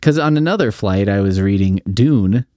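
Lively low-voiced man ranting casually. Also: moderate pace, dry recording, clean studio sound. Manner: rambling, profane, self-deprecating, animated storytelling. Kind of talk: casual monologue, podcast-style.

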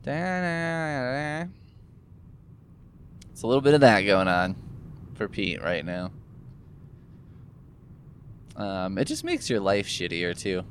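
Rambling low-voiced man musing aloud. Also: huge pitch swings, a little slow, pauses often, a little hiss or hum. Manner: musing, wandering, swears casually. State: sore from gum surgery. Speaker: vlogger. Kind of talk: casual rambling monologue. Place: in a car.

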